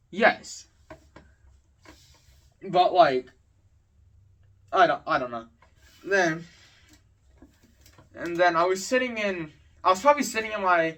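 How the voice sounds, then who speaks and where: A man's voice: on the high side, pushed and bright. Exasperated teen boy ranting, slightly distant mic. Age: teens. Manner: exasperated, rambling, filler-heavy. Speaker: student vlogger. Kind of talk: casual storytelling rant. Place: home at night.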